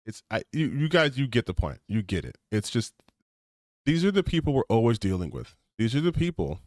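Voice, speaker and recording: A man's voice: mid-range voice, sing-song, brisk, darkish tone, dry recording, clean studio sound. A man ranting on a gaming stream, reading out comments and reacting with heated, sarcastic, profane commentary. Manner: heated, sarcastic, swears often.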